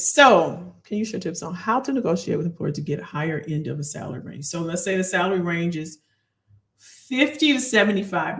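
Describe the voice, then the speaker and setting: Woman, live-stream career coach, chatty and upbeat, roomy echo. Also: on the low side. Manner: lively, encouraging, talks to the audience as "y'all". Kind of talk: live stream Q&A, casual advice.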